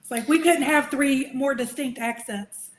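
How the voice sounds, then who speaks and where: A woman's voice: high voice, normal speed. A woman with a Southern US accent, co-hosting a talk show and laughing along. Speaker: co-host. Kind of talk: casual chat. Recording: roomy echo.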